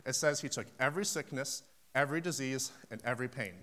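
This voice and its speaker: A fast-talking man with a mid-range, slightly bright voice preaches fervently, his sermon of personal ministry stories rising to emphatic peaks while he acts out phone exchanges.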